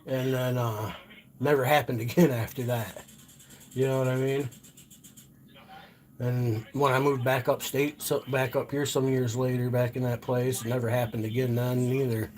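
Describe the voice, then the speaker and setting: A man's voice: medium pitch, level tone, moderate pace. Rambling, profane middle-aged man. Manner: profane, loose, peppered with "you know what I mean". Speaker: live-stream vlogger. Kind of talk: rambling casual storytelling.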